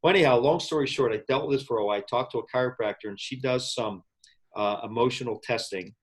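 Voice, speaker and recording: A man hosting a podcast, chatting casually and telling a personal story with lively quoted asides. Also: mid-range voice, fast. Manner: tells personal stories with animated quoted asides. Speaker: podcast host. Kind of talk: casual interview chat.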